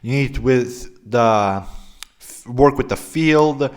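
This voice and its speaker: A man's voice: mid-range voice, slow. A young man telling a story-time vlog in a casual, rambling way, often laughing and filling gaps with "like" and "uh". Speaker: vlogger.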